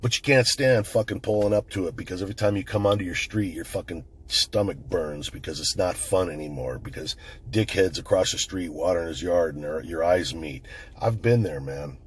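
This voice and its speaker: A man's voice: sits low, a little fast, slight background noise. A middle-aged man who is the channel host, talking bluntly in a casual monologue, swearing constantly as he tells stories.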